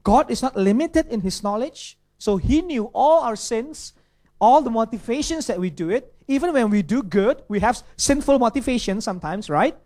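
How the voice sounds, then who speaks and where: A man's voice: very high-pitched, lively intonation, normal speed, darkish tone. Pastor, questioning his flock. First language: Indonesian. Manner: checks in with the audience through rhetorical questions. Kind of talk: sermon.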